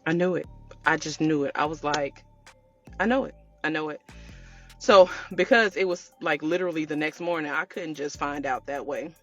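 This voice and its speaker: A woman telling her viewers a personal story in a casual storytime way, animated and chatty, calling them y'all. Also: low voice, normal speed, muffled recording, faint music behind. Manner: animated, addresses viewers as y'all, acts out quotes. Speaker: storytelling vlogger.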